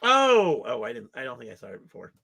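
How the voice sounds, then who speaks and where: A man's voice: mid-range voice, wildly swooping pitch, fast, creaky, sharp tone, husky. A man co-hosting a casual livestream podcast, answering questions with hesitant restarts. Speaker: podcast co-host.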